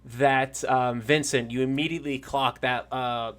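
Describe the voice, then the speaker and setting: A man's voice: medium pitch, fairly even intonation, a little slow, fairly bright tone. A man narrating a tabletop game as game master, casual and rambling, with fillers and the odd swear.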